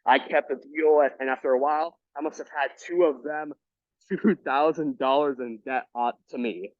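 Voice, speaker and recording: A man reading a memoir aloud for a book club, stumbling and restarting words and saying the quote marks out loud. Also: fairly high pitch, fairly even intonation, moderate pace, no echo. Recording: dull lo-fi recording.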